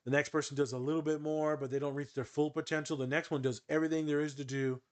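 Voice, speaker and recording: A man co-hosting a podcast in casual chat, animated and joking with sarcastic asides. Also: fairly high pitch, fast talker. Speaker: podcast co-host.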